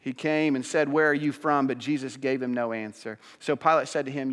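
A man's voice: fairly even intonation, brisk, hardly any pauses. Preaching man in a reverberant hall. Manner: dramatic, swinging from hushed lows to loud high peaks. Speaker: pastor. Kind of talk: sermon.

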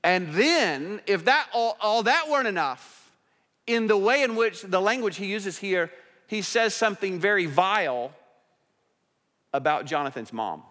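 A male pastor preaching a sermon in church, speaking conversationally and moving from hushed asides to raised emphatic passages. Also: high-pitched, lively intonation, a little slow. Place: church sanctuary. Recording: long hall reverb.

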